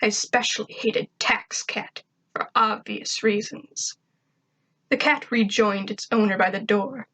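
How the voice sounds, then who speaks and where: A woman's voice: medium pitch, steady tone, unhurried, fairly bright tone, low-quality recording. A woman reading a first-person story aloud in a snarky, conversational way. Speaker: fan fiction reader.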